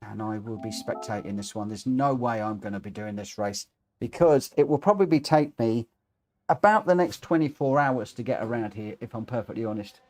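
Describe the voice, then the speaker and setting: A man's voice: medium pitch, a little fast, a little mellow, soft background music. A man from the United Kingdom commentating his live racing game stream, chatting to viewers and reading out the race results.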